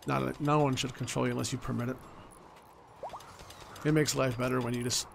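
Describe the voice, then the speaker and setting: Gravelly-voiced man, forties, let's-play commentator, blunt and profane, faint hiss behind. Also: medium pitch, steady tone, a little fast. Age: 40s. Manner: blunt, swears freely, rambling asides. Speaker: gaming YouTuber.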